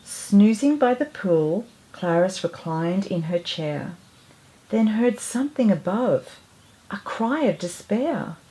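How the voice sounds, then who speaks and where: Slow, gentle woman reading a picture book. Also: mid-range voice. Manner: gentle, expressive and unhurried. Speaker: storyteller.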